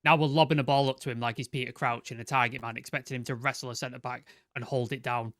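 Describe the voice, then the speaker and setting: A man's voice: medium pitch, fairly even intonation, fast talker, a bit bright, no room sound, clean studio sound. A man, co-hosting a football fan podcast, asking questions in an exasperated, casual way. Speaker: podcast co-host.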